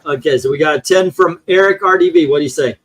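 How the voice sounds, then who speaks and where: A man's voice: fairly high pitch, fast talker, fairly bright tone, poor audio. A man hosting a casual chat, rambling through his points with lots of fillers and restarts. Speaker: host.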